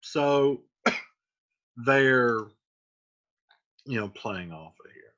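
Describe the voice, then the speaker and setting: A man explaining a play in a relaxed, chatty classroom manner, with frequent fillers. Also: medium pitch, drawn-out words. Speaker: teacher. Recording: dull lo-fi recording.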